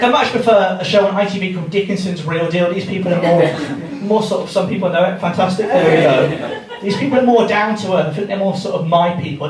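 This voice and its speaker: A man doing stand-up comedy, laddish and swearing, laughing along with his own jokes. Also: high-pitched. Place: theatre stage before a live audience. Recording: roomy theatre sound from a distant mic, loud audience. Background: audience laughter.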